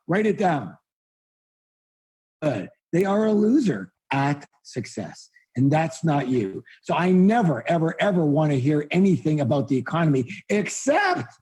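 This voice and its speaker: A man delivering a motivational seminar in a blunt, emphatic way, throwing rhetorical questions at the crowd. His voice sits a little high but sounds mellow and husky, and he often breaks into loud, high exclamations. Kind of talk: live motivational seminar talk.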